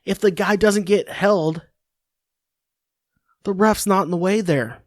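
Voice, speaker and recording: Speaking slowly in a high-sitting voice, a sports podcaster vents a sarcastic, crude rant through a computer mic at home. The sound is studio-clean without any echo.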